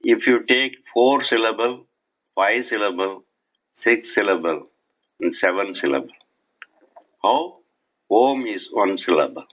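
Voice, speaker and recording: A man giving a spiritual lecture while lying in bed, speaking slowly and deliberately and repeating and spelling out words, recorded on a cell phone resting on his chest. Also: on the low side, expressive, phone-quality sound. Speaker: spiritual teacher. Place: bedroom at night.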